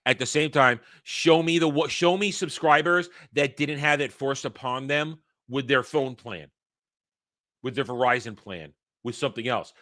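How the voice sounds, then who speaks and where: Reading an article and rebutting it point by point, a male commentator rants with profanity and heat, circling back to the same arguments while hiccuping. He speaks at normal speed with a mid-range, sharp-toned voice.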